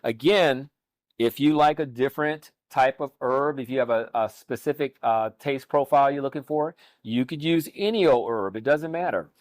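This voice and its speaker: A man's voice: medium pitch, moderate pace, no room sound. A man demonstrating a recipe as a chef, talking easily with many fillers and restarts. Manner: relaxed, hesitant with fillers and restarts. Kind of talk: cooking demonstration.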